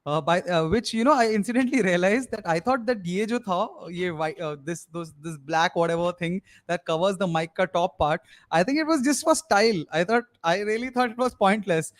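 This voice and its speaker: Young indian guy with a high voice hosting a sports stream, rambles, lots of uhs, drops into hindi now and then. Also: a little fast, hardly any pauses. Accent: Indian English. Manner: rambling, many fillers, mixes Hindi with English. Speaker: podcast host. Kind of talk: live-streamed casual sports chat.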